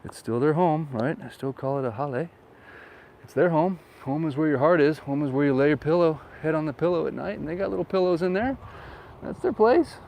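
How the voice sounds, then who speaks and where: Riding down a town street, a man who works as a real estate agent offers casual tour commentary full of jokes and rambling asides. His voice is on the high side, fairly quick and a little mellow, with vocal fry. A windsock-covered mic muffles the wind, and faint wind and traffic can be heard.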